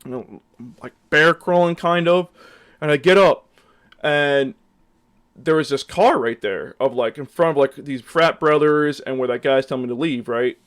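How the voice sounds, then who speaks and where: A man's voice: on the high side, moderate pace, a bit bright. A young adult man telling a casual storytime, rambling with many fillers and animatedly acting out his own lines. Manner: rambling, heavy use of fillers. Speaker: storyteller vlogger.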